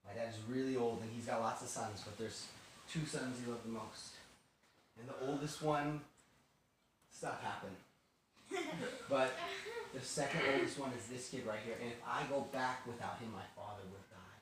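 A man voicing a humble grown man quietly pleading for mercy. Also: mid-range voice, animated, moderate pace, long pauses, slight background noise, pitched below the performer's own voice, lightly acted. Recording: echoey room, distant mic.

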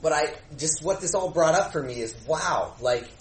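A man's voice: a little high, lively intonation, normal speed, slight background noise. A male pastor tells a personal story to his congregation in a loose, chatty manner, with many fillers and little acted-out quotes. His voice carries through a roomy, echoing hall and is picked up from a distance, with a faint murmur of room sound behind it. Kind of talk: sermon storytelling. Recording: roomy echo, mic at a distance.

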